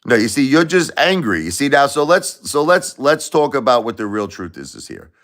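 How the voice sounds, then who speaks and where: A man hosting a casual livestream, talking emphatically and repeating himself, swinging between loud and quiet. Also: medium pitch, big pitch swings, moderate pace. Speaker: livestream host.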